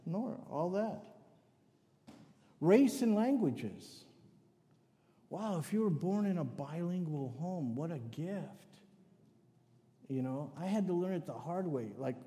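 A man's voice: on the high side, dark tone. An older man preaching a sermon, telling family stories with joking asides. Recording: long hall reverb.

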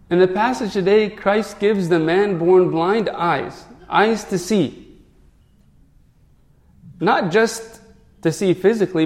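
A man's voice: high voice, a little mellow, long reverb tail. A man, a priest, giving an earnest sermon full of rhetorical questions.

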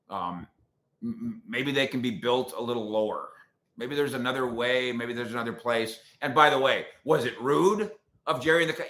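A man's voice: mid-range voice, echoey room. A man hosting a casual sports talk show, ranting with strong opinions. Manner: opinionated, animated rants.

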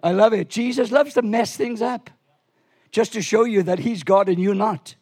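A man preaching a lively sermon in a church, animated and swinging from quiet asides to shouts. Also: sits high, normal speed. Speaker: pastor.

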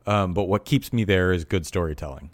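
A man with a very deep voice, chatting casually on a podcast and firing off deadpan one-liners. He stumbles and restarts his sentences as he goes. The sound is close and dry, with no room tone. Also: brisk, no room sound. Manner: joking, deadpan quips, frequent restarts. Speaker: podcast co-host. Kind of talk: casual chat.

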